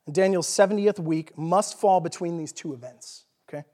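A Texan man with a fairly high voice delivers an informal teaching sermon in a church. He talks casually and jokes, and often stops to ask "okay?". His voice rings with the long echo of a large hall. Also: normal speed, a little mellow. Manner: informal, jokey, checks in with "okay?". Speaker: preacher.

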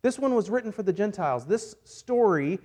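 A man preaching a sermon as a pastor, playful and energetic, joking with volunteers while acting out a Bible story. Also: high-pitched, fairly quick. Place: church service.

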